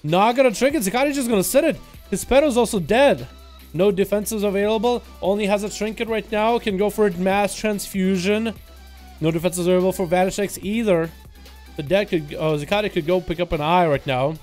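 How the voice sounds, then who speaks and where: A young man casting a video game duel as rapid play-by-play commentary, excitable and hype. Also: high-pitched, soft background music. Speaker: game caster.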